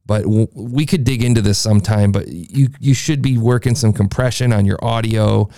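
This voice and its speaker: A man's voice: fairly low pitch, moderate pace, mellow, dry recording. A man reviewing a podcast in casual, enthusiastic talk that loops back on itself, through a processed, beefy studio mic. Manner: rambling, enthusiastic, talks in circles. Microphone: processed studio mic, beefy sound.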